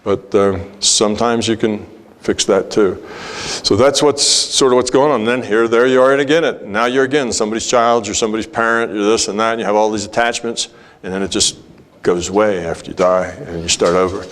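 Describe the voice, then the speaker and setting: Low-voiced man speaking at a workshop. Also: fairly quick. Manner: conversational, many "you know" fillers, acts out quoted dialogue. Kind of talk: lecture answering audience questions. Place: workshop hall with audience.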